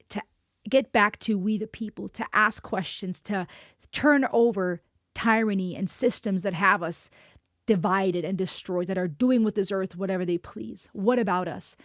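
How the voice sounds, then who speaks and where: A woman's voice: medium pitch, moderate pace, no room sound, studio quality. A woman hosting a music reaction video, talking in an earnest, impassioned way and repeating lines for emphasis. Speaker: music reaction channel host.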